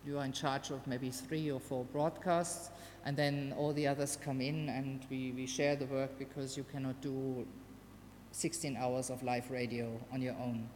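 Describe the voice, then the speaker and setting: A woman's voice: extremely low pitch, flat delivery, moderate pace, darkish tone. Woman presenting in an echoing hall. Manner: hesitant, many fillers and restarts. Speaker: presenter of a radio art project. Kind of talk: casual slide presentation. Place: venue hall. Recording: long hall reverb, faint background noise.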